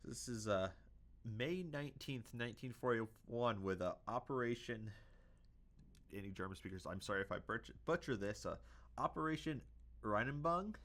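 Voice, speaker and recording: A man's voice: fairly low pitch, lively intonation, normal speed, a bit bright. A young man hosting a casual history video, hesitant, with many fillers and self-corrections.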